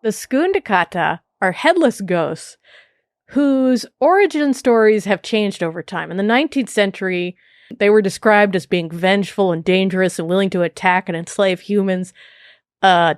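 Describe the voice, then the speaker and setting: A woman's voice: medium pitch, moderate pace, dry recording. A woman hosting a podcast, casually telling spooky folk tales with a playful, laughing manner. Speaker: podcast host. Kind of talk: casual storytelling chat.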